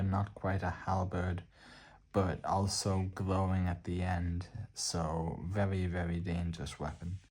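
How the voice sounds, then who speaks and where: An Irish man hosting a soft-spoken art book showcase, relaxed and hesitant, pausing often with fillers. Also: low voice, slightly rough. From Ireland. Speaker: art book channel host.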